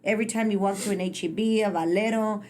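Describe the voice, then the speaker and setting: A woman's voice: medium pitch, steady tone, fast talker, darkish tone. A woman from Texas co-hosting a podcast, talking casually and stressing her points for the listeners. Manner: emphatic, builds up lists for the listeners. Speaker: podcast co-host.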